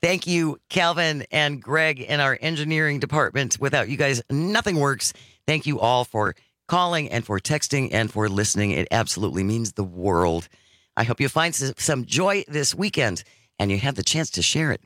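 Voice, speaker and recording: Bright-voiced man hosting talk radio. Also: mid-range voice, expressive, normal speed, dry recording, studio quality. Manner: upbeat, wraps up with station promos. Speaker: radio talk show host. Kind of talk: casual radio chat. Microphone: studio microphone.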